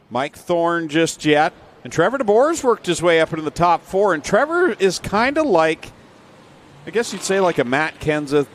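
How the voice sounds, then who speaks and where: A man's voice: a little high, slight background noise. A man announcing a live race at an outdoor speedway, calling flags, restarts and battles, and laughing easily with his partner. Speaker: race commentator.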